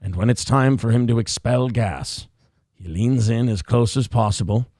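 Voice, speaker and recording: A man voicing a solemn male wildlife documentary narrator in a mock nature documentary, speaking slowly and gravely. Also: mid-range voice, darkish tone, no room sound, clean studio sound, pitched below the performer's own voice, close to an everyday voice. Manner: slow, grave documentary delivery.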